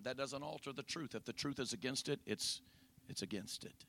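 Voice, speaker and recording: A man preaching a Pentecostal sermon, punctuating his lines with "uh, amen" and building to shouts. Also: medium pitch, normal speed, dry recording. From raised in a Pentecostal home.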